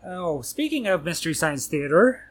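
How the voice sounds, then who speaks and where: A man hosting a podcast in casual chat, laid-back and quick to agree. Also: fairly high pitch, very animated. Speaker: podcast host.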